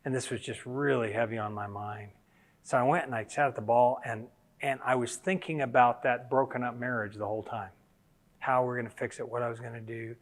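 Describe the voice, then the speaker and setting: A man's voice: medium pitch, fairly quick. Man teaching in a reverberant hall. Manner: personal stories, animated quoted voices. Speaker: speaker. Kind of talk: sermon-style teaching talk.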